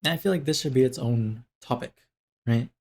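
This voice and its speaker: A man's voice: mid-range voice, brisk, creaky, darkish tone, slight background noise. A young man talking through a casual life update to the camera, rambling with lots of fillers and restarts. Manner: rambling, self-interrupting, many fillers and restarts. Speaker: vlogger.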